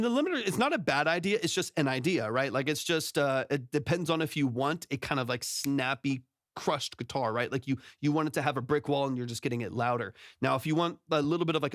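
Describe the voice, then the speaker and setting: A man talking quickly and casually as a producer on a livestream, giving mix notes. His voice is close and dry on a studio mic, and he keeps it loose and conversational, checking in with the listener as he goes. He sits at mid pitch. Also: dry recording. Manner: relaxed, thinking aloud with frequent "um" and "right?". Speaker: music producer hosting a feedback stream. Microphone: close studio vocal mic through compressors.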